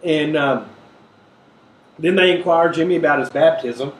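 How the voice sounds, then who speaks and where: A man leading a conversational Bible study, animated and acting out the voices he quotes. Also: fairly high pitch, measured pace, roomy sound, recorded from a distance, slight background noise. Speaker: Bible teacher.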